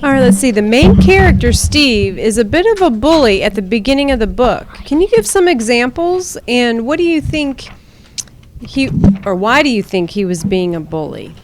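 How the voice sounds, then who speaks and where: A woman's voice: a little high, very animated, moderate pace, very noisy. A woman teacher leading a classroom book discussion, encouraging students and repeating their answers back to them. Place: school room with students.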